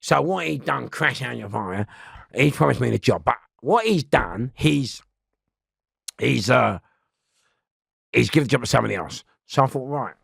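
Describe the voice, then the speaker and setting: A man's voice: medium pitch, animated, normal speed, creaky, long pauses, fairly bright tone, slightly rough, no room sound, studio quality. A man telling rambling prison stories as an interview guest, swearing and laughing, often restarting. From London. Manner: swearing, laughing, keeps restarting his story.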